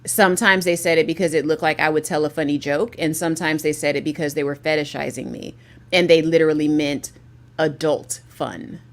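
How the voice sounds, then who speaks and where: A woman's voice: deep voice, steady tone, fast talker, hardly any pauses. A woman guest on a livestreamed panel, speaking candidly and emphatically over a video call, often restarting her sentences. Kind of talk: casual panel discussion.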